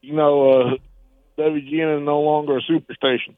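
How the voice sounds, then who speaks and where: A man's voice: fairly high pitch, flat delivery, brisk, no room sound. A man calling in to a radio show, chatting casually and dropping in "like". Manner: chatty, drops in "like". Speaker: caller. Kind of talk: casual call-in chat. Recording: tinny phone line.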